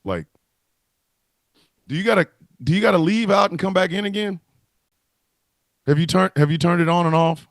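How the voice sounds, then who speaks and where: A man's voice: high voice, normal speed, vocal fry, pauses often, dry recording. A man co-hosting a wrestling talk livestream, joking and cursing in casual banter over a video call. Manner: profane, joking, animated.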